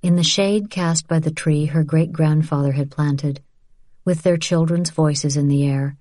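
A woman reading an audiobook in a calm, even narrating voice. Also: low-pitched, measured pace, no echo, clean studio sound.

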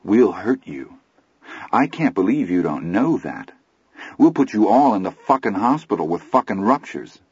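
A man reading the part of a menacing teenage gang leader in an audiobook, speaking softly and threateningly. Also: on the low side, sing-song, moderate pace, slightly rough, no room sound, heavily acted. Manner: soft, threatening drawl. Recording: slightly muffled recording.

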